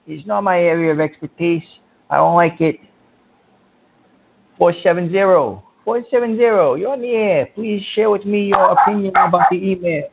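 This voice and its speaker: A man hosting a call-in radio show, brash and quick to insult callers. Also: high-pitched, vocal fry, background noise. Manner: brash, insulting, easily riled. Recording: tinny phone-quality audio.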